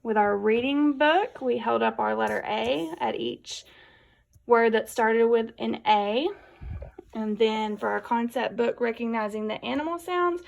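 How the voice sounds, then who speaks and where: Woman, teacher-educator; unhurried, rhythmic read-aloud with some vocal fry. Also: a little high. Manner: rhythmic, sing-song storytelling. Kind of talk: expressive picture-book read-aloud and lesson explanation.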